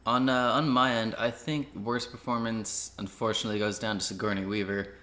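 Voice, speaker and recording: A young man co-hosting a casual movie review chat, laid-back and agreeable, quick to laugh. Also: on the low side, level tone, pushed and bright. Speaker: co-host.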